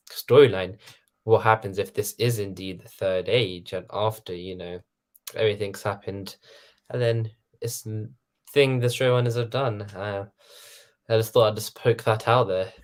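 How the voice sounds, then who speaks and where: A man talking as a guest in a casual livestream chat, halting and repeating words, with frequent "you know". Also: fairly low pitch.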